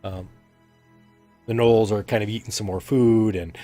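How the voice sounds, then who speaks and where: Low-voiced man narrating as game master. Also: steady tone, a little slow, dark tone, faint music behind. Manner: rambling, many ums and restarts.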